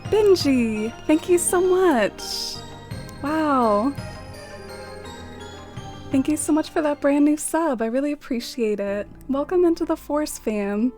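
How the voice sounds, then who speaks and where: A young woman live-streaming a game, talking casually and giggling with her chat. Her voice sits slightly high, her speech is sprinkled with "like", and faint music plays behind her. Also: expressive, a little slow, darkish tone. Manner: bubbly, giggly, lots of "like".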